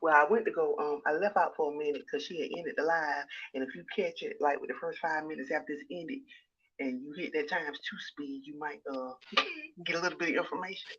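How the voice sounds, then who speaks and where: A woman chatting casually about online drama, talking in a hushed, half-whispered voice because she is at work. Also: low-pitched, brisk, husky. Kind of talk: casual gossip chat. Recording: dull lo-fi sound with faint noise.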